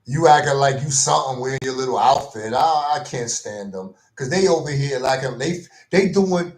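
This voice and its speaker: A man's voice: mid-range voice, expressive, normal speed, echoey room. A man ranting casually in slang, repeating himself and tossing in "man" and "bro" as he vents his exasperation. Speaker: commentary vlogger. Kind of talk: casual rant.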